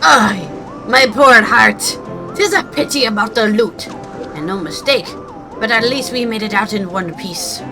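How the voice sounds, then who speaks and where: A woman voicing a gruff sky pirate crewman who talks in salty sailor slang. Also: a little high, measured pace, music in the background. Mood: rueful.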